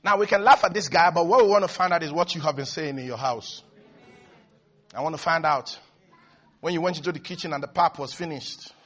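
A man preaching a sermon in an animated way, swinging from low, quiet asides to high, shouted mimicry. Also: brisk.

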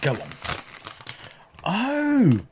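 A man co-hosting a podcast, joking quickly and expressively in casual chat. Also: extremely high pitch, huge pitch swings, darkish tone, husky. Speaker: podcast co-host. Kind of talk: casual chat over crisps and beer.

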